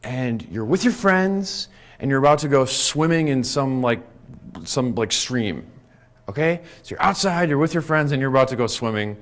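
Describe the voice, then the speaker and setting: A man giving a lively talk to a live conference audience, often checking in with "right?" and "okay?". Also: medium pitch, moderate pace. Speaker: conference speaker.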